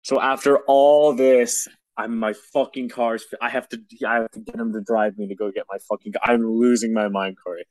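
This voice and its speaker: A man's voice: medium pitch, level tone, moderate pace, few pauses, darkish tone, dry recording. A young man telling a story in casual chat, exasperated and swearing often, with rambling restarts.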